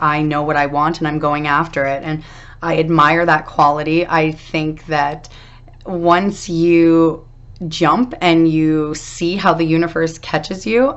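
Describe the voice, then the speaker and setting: A woman giving a casual tarot reading to camera, rambling and encouraging, with self-deprecating asides. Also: low-pitched. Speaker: tarot reader. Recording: dull lo-fi recording.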